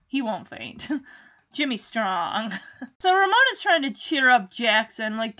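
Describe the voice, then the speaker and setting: A woman's voice: on the high side, big pitch swings, measured pace, pushed and bright, dull audio. A woman vlogger chatting casually in an exclamatory way as she reacts and comments. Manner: chatty, exclamatory, lots of ooh.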